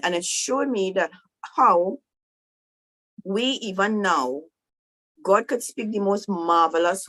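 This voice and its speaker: A woman preaching a casual, animated sermon to women, checking in with "right?" as she goes. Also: medium pitch, rough recording. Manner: animated, conversational preaching with frequent "right?" to the audience. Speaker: women's ministry speaker.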